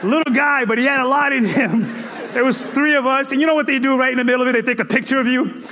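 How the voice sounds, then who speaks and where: A man from Cape Verde preaching in a comic, animated storytelling manner, full of playful exclamations and laughter. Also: very high-pitched, quick pace. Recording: echoey hall reverb.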